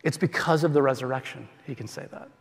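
Pastor preaching in a reverberant hall. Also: male voice, mid-range voice, gravelly. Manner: swings from loud emphatic lines to quiet, slow, intimate passages. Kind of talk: sermon. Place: church sanctuary.

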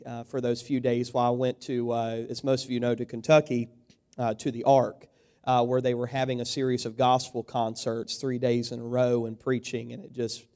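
A man's voice: medium pitch, mellow, clear, resonant tone. A man, a pastor, telling corny jokes at the start of a sermon in a folksy, chatty way with many fillers. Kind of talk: joke-telling sermon opening.

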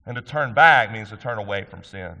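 A man's voice: lowish voice, lively intonation, fairly quick, creaky, bright, forceful tone. A middle-aged man pastor delivering an earnest, emphatic sermon, asking the congregation questions. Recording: long hall reverb.

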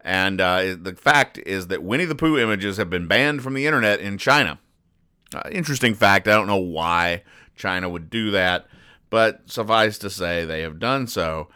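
A man's voice: low-pitched, expressive, moderate pace, bright, forceful tone, clear, resonant tone, no echo. Dry rambling male comics host. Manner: rambling, dry, self-correcting. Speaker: podcast host reading comics. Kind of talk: deadpan comic recap.

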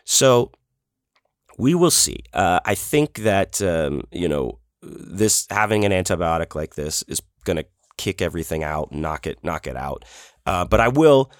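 Sick male podcast host, middle-aged, low scratchy voice, dry close sound, rambling and profane. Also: expressive, normal speed, dry recording. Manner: rambling, profane, self-deprecating. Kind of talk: casual solo podcast chat. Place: home office desk.

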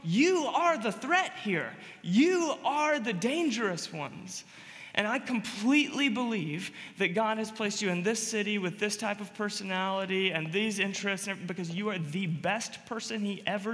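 Male pastor, sermon storytelling, high voice, long hall reverb, loud then hushed. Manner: storytelling, swings from loud emphatic to quiet and hushed.

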